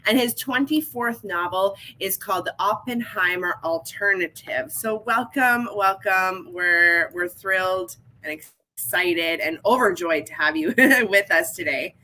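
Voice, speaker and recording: A woman's voice: medium pitch, measured pace, pushed and bright, low-quality recording. A woman co-hosting a podcast, introducing a guest with enthusiasm and repeated words. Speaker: co-host. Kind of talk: podcast interview.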